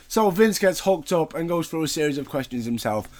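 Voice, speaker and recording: A man's voice: on the high side, animated, a little fast, hardly any pauses. Chatty, wry man recapping. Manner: chatty, wry, swears freely. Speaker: podcast host recapping wrestling. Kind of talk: casual recap commentary.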